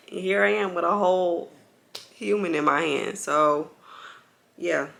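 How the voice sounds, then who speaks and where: Bouncing on an exercise ball at home with her baby, a young vlogger chats casually to her viewers. Her voice is on the low side and a bit bright, with vocal fry, and she takes it slowly. She peppers her story with "like" and addresses everyone as y'all.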